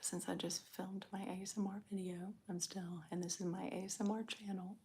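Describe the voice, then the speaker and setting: A woman hosting a live ASMR stream, chatting with viewers in a soft, calm whisper with small laughs. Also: mid-range voice, a little fast, a little hiss or hum. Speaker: ASMR livestream host.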